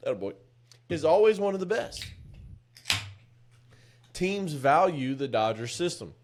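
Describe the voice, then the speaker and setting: A man's voice: fairly high pitch, sing-song, unhurried, darkish tone, a little hiss or hum. A man co-hosting a casual sports podcast, talking emphatically and swearing freely as he argues his point. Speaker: podcast co-host.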